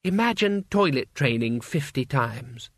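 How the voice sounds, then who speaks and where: A man's voice: medium pitch, lively intonation, measured pace, a bit bright, no echo. Man playing a chatty old monk, placid, pleasant, audiobook, dry close sound. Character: old, tiny, cheerful reincarnating monk.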